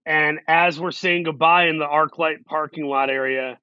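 Guy rambling thru a self-deprecating story, kinda high voice, dry close sound, bit muffled. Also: fairly even intonation, moderate pace, clear, resonant tone, no echo. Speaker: actor guest. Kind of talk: casual interview storytelling.

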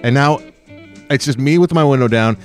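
A man's voice: mid-range voice, normal speed, soft background music. A man from the Los Angeles area, hosting a podcast and telling a story in casual chat, full of fillers like "like" and "uh". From Los Angeles area, California. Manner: animated storyteller with many fillers. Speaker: podcast host.

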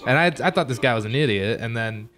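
A man's voice: mid-range voice, fast talker. A man who is a comedian, chatting as a podcast guest in an easygoing, reflective way and laughing often. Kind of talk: casual interview chat.

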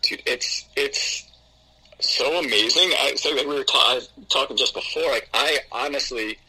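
A man's voice: medium pitch, normal speed, pushed and bright, husky, low-quality recording. A man as a podcast guest in casual chat, earnest and emotional, with many "like" fillers.

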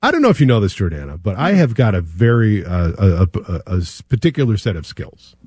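A man's voice: lowish voice, sing-song, quick pace, darkish tone, husky, no room sound, clean studio sound. A man hosting a morning radio show, joking playfully with his co-host.

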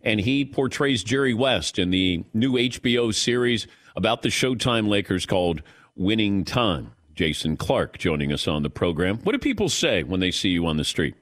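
A man hosting a sports talk show, reading ads and interviewing a guest with a smooth, steady delivery. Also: lowish voice, moderate pace, no echo, studio quality.

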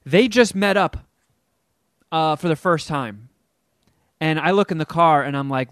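A middle-aged man, a guest on a casual podcast, tells a story in a voice a little high for a man, clear and resonant. He is animated, acting out the people he quotes with big pitch jumps, unhurried and pausing often. The sound is dry and close, with no room or echo.

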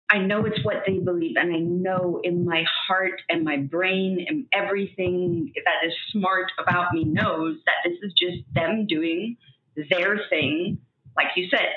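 A young woman talking haltingly through grief, tearful, with many fillers and restarts. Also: lowish voice. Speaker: guest sharing grief. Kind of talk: emotional conversation. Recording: roomy, slightly dull sound.

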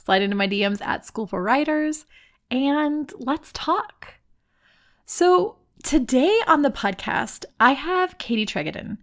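A woman hosting a podcast, talking in a chatty, expressive monologue and calling herself loud. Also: sits high, a little slow. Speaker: podcast host.

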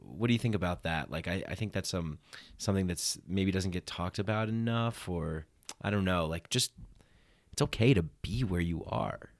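A man's voice: low-pitched, normal speed, no echo, clean studio sound. A man hosting a podcast, talking in an earnest, reflective way in casual conversation. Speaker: podcast host.

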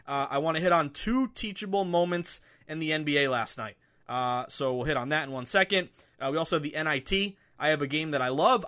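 A man hosting a sports betting podcast, chatting casually from home with lots of fillers and excitement. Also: a little high. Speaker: podcast host. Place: home room with window open.

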